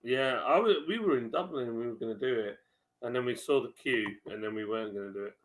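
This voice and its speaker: A man hosting a casual live-stream chat, talking in animated banter. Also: medium pitch, quick pace.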